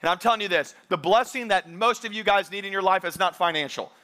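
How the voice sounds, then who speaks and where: Bright-voiced high-pitched pastor preaching. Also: male voice, quick pace. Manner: conversational preaching, quoting scripture with emphasis. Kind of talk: sermon.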